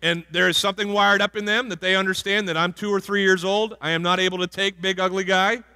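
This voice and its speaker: A man's voice: high voice, little pitch movement, fast, pushed and bright, clean tone. A male pastor giving a conversational sermon and asking the congregation questions. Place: church sanctuary. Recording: hall reverb from a church.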